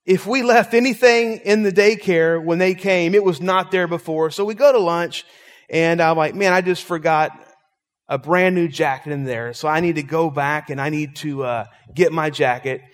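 A man's voice: fairly high pitch, moderate pace, long reverb tail. A man preaching a sermon as pastor, telling stories and making emphatic points to his congregation. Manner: storytelling, emphatic, animated preaching.

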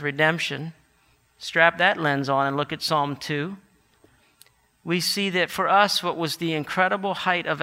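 A man preaching a sermon, animated and building to emphatic declarations. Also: a little high. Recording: long hall reverb.

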